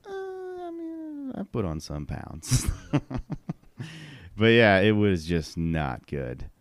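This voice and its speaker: A man's voice: fairly low pitch, huge pitch swings, slow. A man telling a funny story in casual podcast chat, laughing often.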